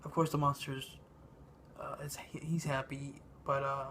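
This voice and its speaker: A man giving a casual spoken movie review, halting and meandering, with lots of ums and uhs. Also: medium pitch, level tone, fairly bright tone, a little hiss or hum. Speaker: film reviewer.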